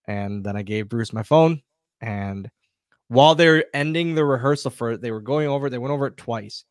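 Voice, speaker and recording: A man's voice: mid-range voice, brisk, dry recording. Man telling a story in a dry studio. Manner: relaxed, animated retelling with quoted dialogue. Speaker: guest, former wrestler. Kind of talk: casual storytelling.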